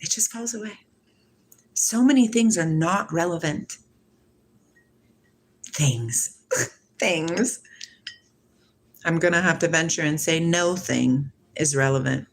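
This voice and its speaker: This forties-aged woman from Washington state laughs often as she replies to her livestream chat, thinking aloud about spirituality in a relaxed, reflective manner. Her lowish voice is creaky and moderately paced, with slight background noise.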